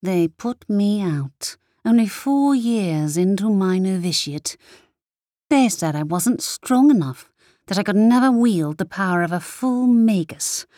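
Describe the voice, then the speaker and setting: A woman voicing a cruel, bitter sorceress who treats her daughter with slow, cutting scorn. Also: medium pitch, expressive, mellow, dry recording, studio quality, lightly acted. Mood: bitter, scornful.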